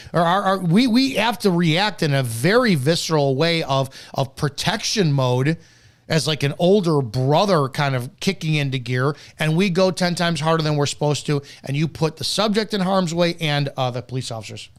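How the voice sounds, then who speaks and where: A man hosts a live commentary show, reacting to news footage with blunt, profane rants. His voice sits a little higher than most men's. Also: lively intonation, moderate pace. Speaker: host.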